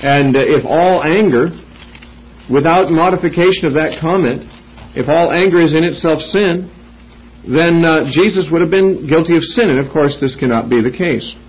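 A man with a somewhat raised, husky voice works carefully through scripture in an expository teaching, asking and answering his own questions. The recording is dull and lo-fi. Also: on the high side. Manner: measured, reasoning aloud with quoted scripture. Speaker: Bible teacher.

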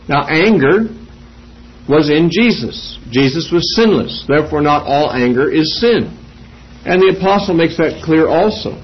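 A man with a somewhat raised, husky voice works carefully through scripture in an expository teaching, asking and answering his own questions. The recording is dull and lo-fi. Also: a little high, animated. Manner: measured, reasoning aloud with quoted scripture. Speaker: Bible teacher.

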